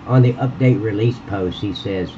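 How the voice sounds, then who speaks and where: A lower-pitched man streaming live as he works on a game map, blunt and quick to swear. His mic sounds dull and lo-fi, with a faint air conditioning hum behind him. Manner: blunt and profane, ranting at a critic. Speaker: livestreamer building a game map. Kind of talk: live-stream chat while editing.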